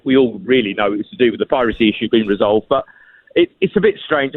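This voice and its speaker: A football journalist talking as a guest in a radio phone interview, speaking quickly with many restarts and repeated words. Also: male voice, mid-range voice. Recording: tinny phone line.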